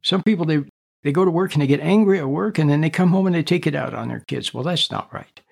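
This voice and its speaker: A man hosting a reflective radio talk, speaking in a calm, repetitive, teaching way. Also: a little high, quick pace, vocal fry, breathy edge.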